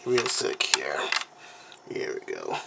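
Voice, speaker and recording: A man hosting a casual unboxing vlog at home, talking in a rambling, halting way with many fillers and apologies, recorded on the camera mic. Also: very deep voice, wildly swooping pitch, vocal fry, heavy background noise. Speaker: video host.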